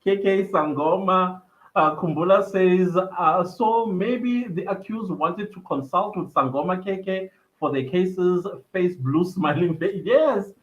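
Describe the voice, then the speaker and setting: This young South African streamer has a high-pitched voice and a measured pace. He keeps things casual, reading his viewers' comments aloud amid frequent laughter, and his computer mic yields slightly dull lo-fi stream audio.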